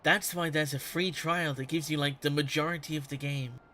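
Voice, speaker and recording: A man's voice: fairly high pitch, steady tone, normal speed, sharp tone, slight background noise. A man streaming a game, chatting casually with viewers, laughing often and swearing lightly. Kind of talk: casual live-stream chat.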